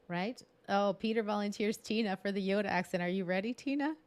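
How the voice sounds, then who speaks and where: A woman's voice: mid-range voice, fairly quick, few pauses. Woman, workshop presenter, video call, chatty, encouraging, self-mocking, speaks English and Spanish. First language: bilingual English and Spanish. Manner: chatty, encouraging, laughs at herself. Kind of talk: live online workshop talk.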